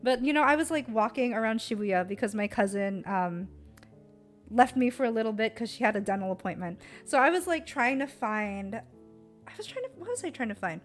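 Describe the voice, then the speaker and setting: A woman's voice: a little high, animated, normal speed, faint music behind. A young American woman streamer chatting casually about a trip, giggly and full of fillers. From United States.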